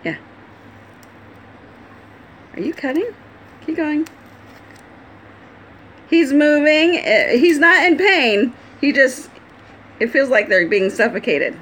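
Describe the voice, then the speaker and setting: A woman's voice: high-pitched, animated, takes it slowly, long pauses, a bit bright, a little hiss or hum. A woman talking casually at home, explaining step by step how she handles her pet bird, laughing often. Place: at home indoors.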